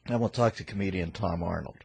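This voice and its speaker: A man with a low, gravelly and husky voice hosts a radio show from a studio. He fires off quick wisecracks and offhand jokes, and the sound is dry and close. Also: darkish tone, dry recording. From United States. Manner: rapid-fire wisecracks and pop culture riffs. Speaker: radio talk show host. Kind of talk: joking radio banter.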